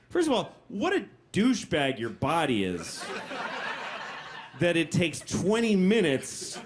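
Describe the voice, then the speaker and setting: A man's voice: on the high side, very animated, normal speed. A man doing a crude stand-up bit, acting out his body parts talking to each other. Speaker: stand-up comedian. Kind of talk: stand-up set.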